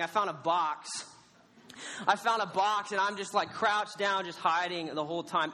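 A young man with a high, bright voice gives a casual sermon, telling stories with animated, self-mocking energy. His voice carries a long reverb off the walls of a church hall. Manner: casual storytelling, animated, laughs at himself. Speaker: youth pastor.

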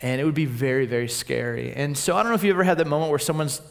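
A man from Southern California preaching a storytelling sermon, acting out voices and swinging from loud to quiet. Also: a little high, rapid-fire, creaky, in a large hall.

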